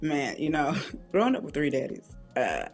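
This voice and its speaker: Woman telling lively personal stories. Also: deep voice, normal speed, faint music behind. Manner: animated, acts out quoted voices, laughs often. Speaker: author and guest. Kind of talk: candid conversational storytelling.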